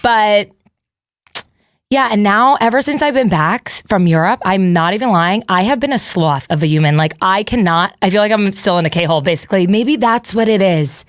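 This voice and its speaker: A woman's voice: mid-range voice, animated, moderate pace, no room sound. A woman in her thirties hosting a podcast, rambling and self-deprecating in casual chat. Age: 30s. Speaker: podcast host.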